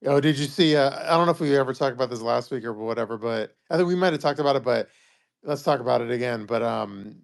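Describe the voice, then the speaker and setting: A man's voice: mid-range voice, fast, gravelly. A man co-hosting a podcast, talking casually and hesitantly. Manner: hesitant, many fillers and restarts. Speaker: podcast co-host. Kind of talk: casual chat.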